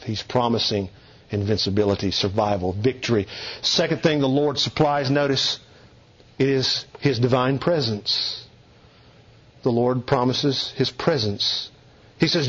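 A man preaching a sermon, emphatic, dropping low and hushed, then rising with urgency. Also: a little slow, breathy edge. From Eastern Kentucky. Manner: emphatic, swings between low hushed lines and raised urgent ones. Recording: dull lo-fi sound.

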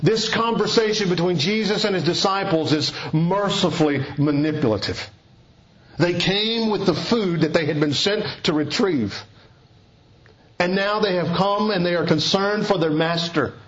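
A man preaching an expository sermon in a measured, earnest teaching manner, often dropping soft for emphasis. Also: high-pitched, lo-fi sound.

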